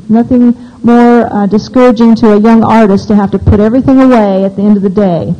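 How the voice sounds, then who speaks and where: A woman's voice: on the high side, mellow. Opinionated woman giving a seminar talk. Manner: asks the audience questions, practical and opinionated. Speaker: homeschooling seminar speaker. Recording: dull lo-fi recording.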